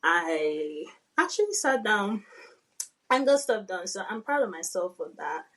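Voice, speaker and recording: A woman's voice: medium pitch, sing-song, measured pace, fairly bright tone. A young adult woman co-hosting a podcast, talking in a casual, reflective way and often trailing off mid-thought. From Nigeria. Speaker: podcast co-host. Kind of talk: casual chat.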